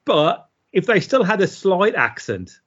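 A man's voice: sits high, unhurried, breathy edge. A man from the co-hosting a casual chat, rambling with lots of "you know". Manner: rambling, animated, lots of fillers. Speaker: podcast co-host. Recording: dull lo-fi sound.

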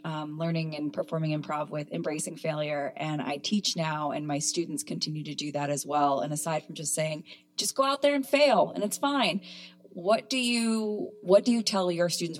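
A woman with a low voice asks a question from the audience at a Q&A. She speaks hesitantly, with pauses and fillers. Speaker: audience member asking a question.

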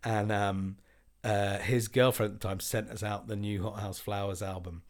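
A man in his forties telling a story in casual chat, animated and swearing, acting out other people's lines. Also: on the low side, moderate pace.

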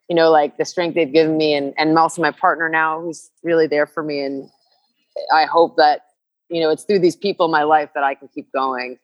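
A woman with a notably low speaking voice talks through a personal story in an interview. She rambles earnestly, circling back with fillers and restarts. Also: poor audio. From New Jersey, USA. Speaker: musician guest. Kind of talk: candid interview conversation.

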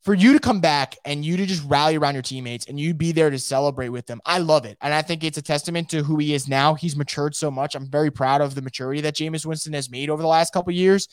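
A man hosts a casual sports podcast from home, talking fast and with emphasis, and he often doubles back on his words. His voice sits a bit high for a man. The sound is dry and close, with no room echo. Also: clear, resonant tone. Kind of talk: casual live sports talk, reading viewer comments.

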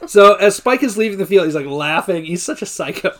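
A man's voice: high voice, expressive, brisk, fairly bright tone. A man co-hosting a podcast, casually retelling a movie's plot play by play with loose profanity and frequent laughter. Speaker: podcast co-host. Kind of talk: casual movie recap chat.

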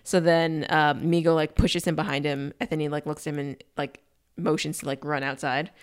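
A woman's voice: low-pitched, moderate pace, clear, resonant tone. A woman casually recapping a movie with a friend, acting out the characters' lines in playful voices. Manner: animated, acts out character lines in funny voices.

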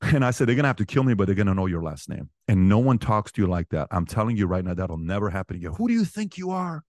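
A man in his forties with a fairly low voice tells stories from his life in conversation, and he gets animated, climbing high and loud whenever he relives a heated moment. The sound is dry and close, with no room around it. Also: racing, dry recording. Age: 40s. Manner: animated, rising in pitch and volume when reliving arguments. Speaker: interview guest. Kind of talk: storytelling in conversation.

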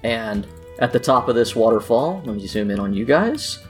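A man running a tabletop game as game master, narrating scenes in a relaxed, chatty way and laughing often. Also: medium pitch, normal speed, soft background music.

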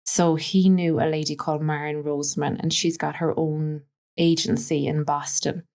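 A woman with a West Cork Irish accent speaks in a fairly low, grounded register for a woman. She is a podcast guest telling long anecdotes, with plenty of "like" and "you know" woven through her talk. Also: level tone, normal speed, a little mellow. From Ireland, West Cork. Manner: chatty, anecdotal, frequent fillers like "like" and "you know". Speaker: guest, stylist. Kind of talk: casual interview storytelling.

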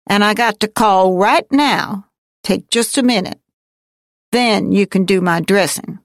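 A woman's voice: mid-range voice, a little slow, dry recording, studio quality, close to an everyday voice. A woman reading a book aloud, voicing a grumpy, bossy middle-aged man who chides and talks slangy and defiant.

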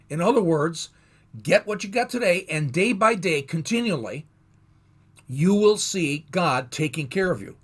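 A man teaching a Bible lesson in a thoughtful, explanatory way, pausing and restarting as he goes. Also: high-pitched, animated, slightly rough.

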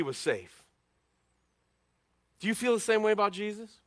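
A man preaching a sermon, telling stories dramatically and swinging from loud emphasis to hushed tones. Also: high-pitched, lively intonation, moderate pace, pauses often, no echo. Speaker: pastor.

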